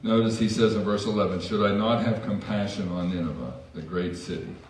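Low-voiced pastor preaching in an echoey church. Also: male voice, brisk, distant mic, a little hiss or hum. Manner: conversational, self-deprecating asides. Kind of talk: sermon. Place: church sanctuary. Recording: echoey church hall from afar.

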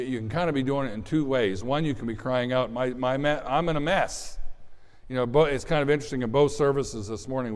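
A man's voice: medium pitch, a little mellow. A man in his sixties preaching a sermon as a pastor, in a conversational way, often repeating words and chuckling. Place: church sanctuary. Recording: reverberant hall.

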